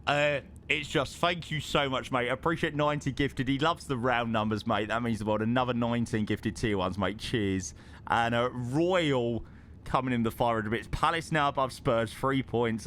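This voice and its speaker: A man's voice: mid-range voice, lively intonation, moderate pace, a bit bright, a little hiss or hum. A young man, chatting casually with viewers on a live stream and thanking them by name.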